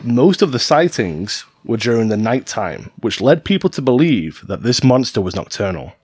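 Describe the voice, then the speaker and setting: Animated, playful male podcast storyteller. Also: mid-range voice, moderate pace, breathy edge, dry recording. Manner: playful, jokey, swears freely. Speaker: podcast co-host narrating stories.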